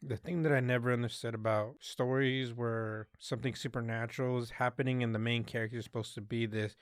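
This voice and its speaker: A man's voice: medium pitch, fairly even intonation, a little fast, no echo, studio quality. A man in casual chat, joking and bantering in a laid-back way.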